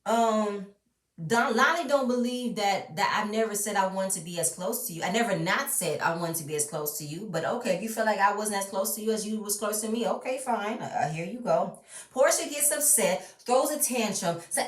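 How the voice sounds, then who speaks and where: A woman's voice: mid-range voice, normal speed. A woman ranting bluntly and with strong opinions while recapping a reality show, swearing freely. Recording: roomy, mic at a distance.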